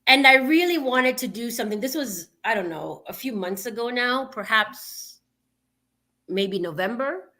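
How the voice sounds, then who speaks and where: Bright-voiced woman performing spoken word. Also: a little high, expressive, a little slow. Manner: dramatic spoken-word delivery with big swings in loudness; chatty, loose and full of fillers when talking. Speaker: guest poet. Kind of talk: spoken-word poetry and casual chat.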